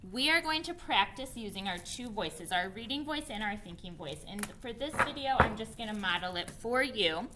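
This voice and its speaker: This is a woman teaching a sample reading lesson to young kids, filmed on her own camera. Her mid-range voice is patient and expressive as she repeats key ideas slowly, and a faint hiss or hum can be heard.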